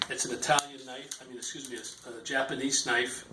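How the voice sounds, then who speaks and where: A man's voice: medium pitch, level tone, brisk, bright, forceful tone, slight background noise. An older man, a grandfather, giving a chatty, rambling home cooking demonstration in his kitchen. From Ireland. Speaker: home cook. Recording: echoey kitchen with sizzling pan.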